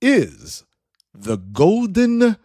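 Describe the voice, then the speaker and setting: A man voicing a suave, condescending blue alien gentleman thief who speaks theatrically. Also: high voice, huge pitch swings, extremely slow, dry recording, clean studio sound, voice pushed up, exaggerated voice. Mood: haughty. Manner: theatrical, condescending, says "my dear".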